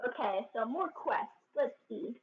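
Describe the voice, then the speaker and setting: A woman streamer with a fairly high voice rambles through a story, giggling as she goes. The sound is dull and lo-fi, as if it came over a voice chat. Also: lively intonation, slow pace. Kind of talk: casual storytelling.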